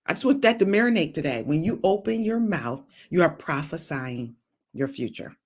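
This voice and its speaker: A middle-aged woman with a low voice delivers a fervent, preacher-like motivational talk, calling out viewers by name. She mixes in playful asides and laughs often. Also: lively intonation, normal speed, slightly rough. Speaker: host and psychologist. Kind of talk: motivational faith talk on a live stream.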